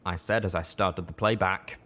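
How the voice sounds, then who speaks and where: A man narrating a first-person story as an audiobook reader, in a steady, measured way. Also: low-pitched, a little hiss or hum.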